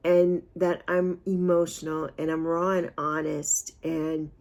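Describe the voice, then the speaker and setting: A woman's voice: low voice, little pitch movement, takes it slowly, gravelly, darkish tone. A woman in her sixties talking casually and emotionally to her viewers, rambling and laughing at herself. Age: 60s. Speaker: vlogger. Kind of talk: unscripted talk to camera.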